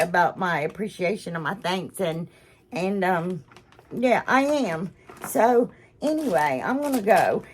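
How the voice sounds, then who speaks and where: A woman's voice: medium pitch, slight background noise. A woman hosting a craft channel, chatting casually to viewers, gushing and emotional with lots of restarts. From United States.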